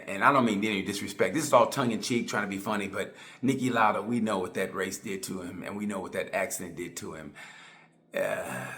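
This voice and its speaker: Excitable rambling man, low voice. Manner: rambling, excitable, tongue in cheek. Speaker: motorcycle racing commentator. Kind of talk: casual monologue.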